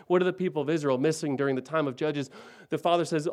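Pastor, man in his forties, fairly high voice, preaches in repeated rising phrases. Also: fast talker. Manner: preaching with wide swings between soft and emphatic, repeating phrases. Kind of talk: sermon.

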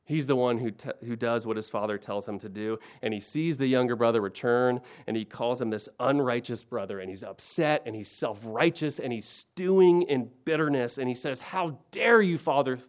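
A man in his forties preaching a sermon, swinging between hushed and emphatic lines and building on repeated phrases. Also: mid-range voice, moderate pace, few pauses. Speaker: pastor.

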